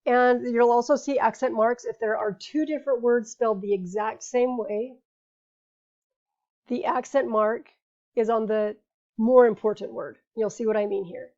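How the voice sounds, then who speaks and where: A woman teaching a grammar lesson, patiently explaining rules and saying each example word slowly before repeating it. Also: fairly high pitch, steady tone, a little mellow. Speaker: Spanish teacher. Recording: dull lo-fi recording.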